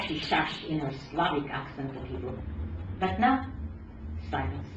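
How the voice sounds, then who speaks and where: A woman professor reading aloud from her book at a lecture, measured, dropping low at phrase ends. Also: expressive, noisy background. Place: lecture hall. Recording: roomy hall, distant dull mic.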